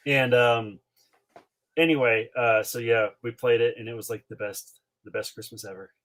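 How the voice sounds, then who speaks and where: Brief: forties podcast co-host from North Carolina, lively chatty storyteller, average-pitched male voice. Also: normal speed. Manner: animated storyteller, frequent fillers. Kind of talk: casual storytelling chat.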